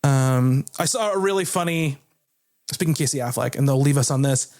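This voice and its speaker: A man's voice: mid-range voice, fairly quick, a little mellow. A man co-hosting a casual film podcast, talking loosely with fillers and restarts. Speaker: podcast co-host.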